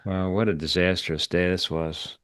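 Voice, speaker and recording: A man's voice: low voice, steady tone, normal speed, fairly bright tone, clear, resonant tone. A man hosting a live trading stream, chatting casually and joking with guests, with many filler words. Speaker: host of a live trading show. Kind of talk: casual livestream sign-off chat.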